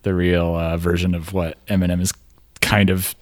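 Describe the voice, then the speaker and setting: A man co-hosting a podcast in casual chat, halting and restarting often, chuckling as he talks. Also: deep voice, level tone, no room sound, studio quality. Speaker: podcast co-host.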